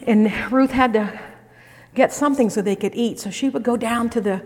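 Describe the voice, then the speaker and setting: A woman's voice: a little high, normal speed, a little mellow. Middle aged woman preaching, chatty folksy storyteller, lots of echo in the hall. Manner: folksy conversational storytelling with restarts. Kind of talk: sermon. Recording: echoey hall reverb.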